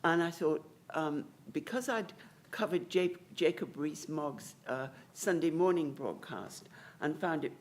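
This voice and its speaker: A woman's voice: low-pitched, expressive, measured pace, a little mellow. Wry older woman columnist on a panel. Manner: chatty and wry, laughs often. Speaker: newspaper radio columnist, panel chair. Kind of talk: conference panel talk. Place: conference hall.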